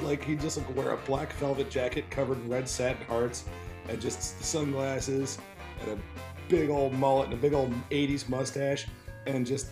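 A man co-hosting a podcast, talking in a rambling, chatty way and laughing often. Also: mid-range voice. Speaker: podcast co-host. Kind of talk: casual podcast chat.

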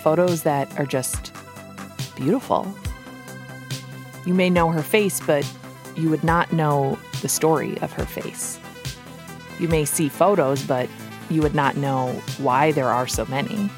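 A woman's voice: sits low, unhurried, pauses often. A woman with a Minnesota accent, hosting a podcast and narrating a scripted story in a wry, playful way. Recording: music bed under the voice.

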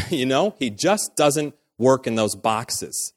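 A man's voice: mid-range voice, animated, takes it slowly. A man, likely a pastor, giving a casual, conversational sermon in a church, full of fillers and acted-out quotes.

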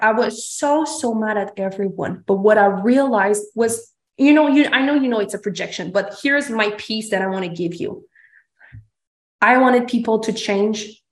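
A woman hosting a podcast, telling her story in a candid, emphatic way, swearing freely and acting out the things she said. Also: medium pitch. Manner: emphatic, swears freely, acts out her own past lines. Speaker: podcast host. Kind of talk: candid confessional chat. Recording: roomy echo.

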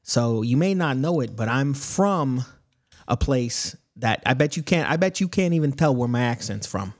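A man's voice: medium pitch, lively intonation, normal speed, lightly acted. A man playing a bragging Southern basement dweller. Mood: boastful. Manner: rambling, loses his words, defensive bragging. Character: boastful dim man living in a basement. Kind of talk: improvised comedy character chat.

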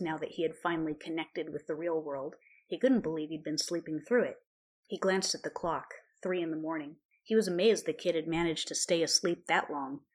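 A woman reading a story aloud in a measured, quiet way. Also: deep voice. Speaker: narrator. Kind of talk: storybook narration of fan fiction.

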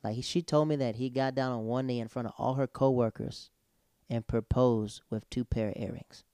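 Brief: lively male storyteller, smooth clear tone, close dry sound. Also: mid-range voice, normal speed, dry recording. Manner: animated storyteller, acts out quotes. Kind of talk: casual chat.

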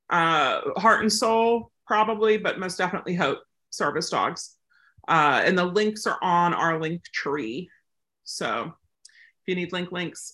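Chatty lady dog trainer teaching, animated, acts stuff out, normal pitched voice. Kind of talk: casual teaching talk.

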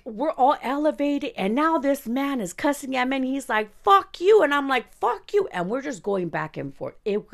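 A woman in her forties from East Los Angeles, telling a personal story as a podcast host in a blunt, profane, casual way. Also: sits high. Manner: blunt and profane, talks straight to listeners.

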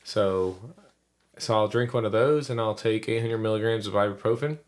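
A man in a casual podcast chat, relaxed and matter-of-fact, with brief reactions. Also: on the low side, normal speed. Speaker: podcast guest.

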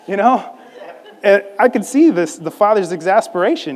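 A man preaching a sermon as a pastor, animated, acting out a scripture scene in different voices. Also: on the high side, fairly quick, in a large hall.

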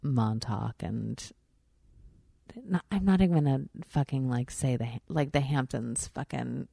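A woman with a notably low voice hosts a casual podcast, talking in loose, profane rambles packed with fillers and restarts. She sits close to the mic in a dry, dead-sounding space. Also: unhurried, gravelly, dark tone, husky, dry recording. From Long Island, New York. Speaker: podcast host.

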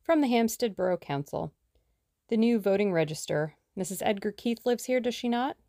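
A woman's voice: medium pitch, animated, normal speed, vocal fry, dark tone, no room sound, clean studio sound, voice pushed up. A woman voicing a confident, jaunty young man in an audiobook, breezy and teasing. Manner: breezy, self-assured and teasing. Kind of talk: audiobook character reading.

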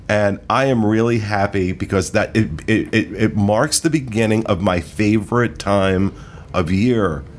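A man with a very low voice hosts a casual podcast chat. He rambles enthusiastically and fills his sentences with ums and restarts. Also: slight background noise. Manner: rambling, enthusiastic, many fillers. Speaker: podcast host.

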